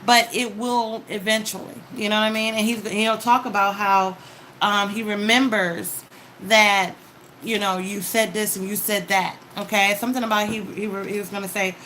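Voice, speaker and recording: A woman's voice: mid-range voice, flat delivery, moderate pace, bright, forceful tone, slight background noise, poor audio. A woman giving a casual tarot reading, talking straight to the viewer with advice and frequent "okay?" check-ins. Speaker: tarot card reader.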